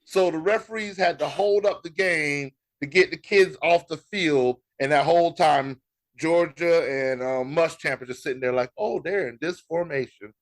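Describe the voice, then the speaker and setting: An American man co-hosting a sports podcast, talking in a casual, animated way with laughter and mock exasperation. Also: a little high, normal speed. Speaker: podcast co-host.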